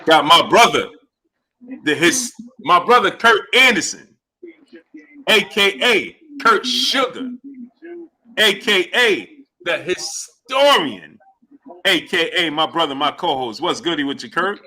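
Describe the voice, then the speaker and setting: A man's voice: a little high, animated, slow, long pauses, sharp tone. A man hosting a live boxing talk stream, talking emphatically with repeated fillers and frequent "you understand?". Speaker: sports talk show host.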